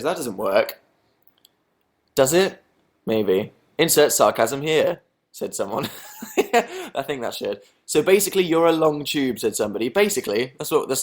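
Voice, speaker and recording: A young man with a British accent talks loosely into a webcam at home, reading out chat messages. His delivery is rambling and self-mocking, with an ordinary mid-pitched voice. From England. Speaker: livestream host. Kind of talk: casual livestream chat.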